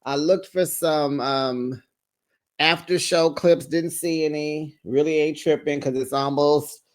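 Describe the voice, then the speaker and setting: Sassy gossiping review host. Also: male voice, a little high, steady tone, takes it slowly. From United States. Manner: sassy gossipy recapping with slang. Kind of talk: casual commentary vlog. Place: home at night.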